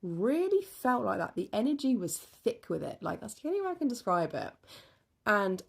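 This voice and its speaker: Gravelly woman, blunt storyteller. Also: mid-range voice, sing-song, normal speed. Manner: blunt and swears freely. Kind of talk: casual storytelling.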